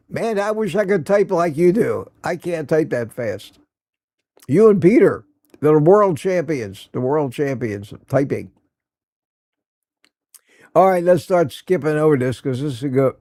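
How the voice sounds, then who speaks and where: A man's voice: fairly high pitch, creaky, darkish tone, no echo, studio quality. A male live stream host chatting casually, greeting viewers by name and reading their comments aloud in a folksy, affectionate way. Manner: folksy and affectionate, laughs often.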